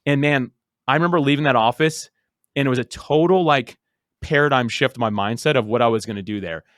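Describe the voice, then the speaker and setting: Fast-talking man telling his story. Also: medium pitch, fairly bright tone, no echo, clean studio sound. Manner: rapid, full of "like" and repeated words. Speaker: podcast guest. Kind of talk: casual conversational storytelling.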